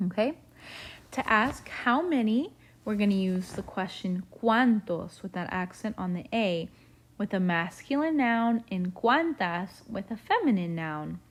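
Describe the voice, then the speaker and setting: Slow, patient woman teaching a class. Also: medium pitch, expressive, low-quality recording. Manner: patient, explanatory, frequent "okay?" check-ins. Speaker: Spanish teacher. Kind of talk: recorded classroom lesson.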